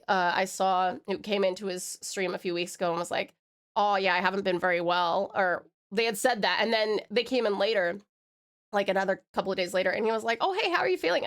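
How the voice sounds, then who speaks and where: A woman from Australia chatting casually on a live stream, rambling and giggly with lots of fillers, and her throat a little hoarse. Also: medium pitch. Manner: rambling, giggly, loopy, with many fillers and restarts. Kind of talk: casual live-stream chat reading viewer messages.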